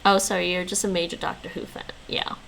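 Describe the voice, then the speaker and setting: A woman's voice: lowish voice, little pitch movement, fast, gravelly, fairly bright tone, slight background noise, low-quality recording. A woman livestreaming at home, chatting casually and answering her viewers' messages aloud while she studies languages, with frequent laughs.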